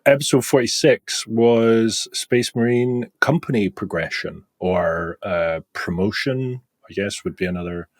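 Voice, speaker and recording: A man's voice: lowish voice, a little slow, hardly any pauses, no echo. A man hosting a podcast in casual comedic chat, jokey, laughing often and swearing casually. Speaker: podcast host.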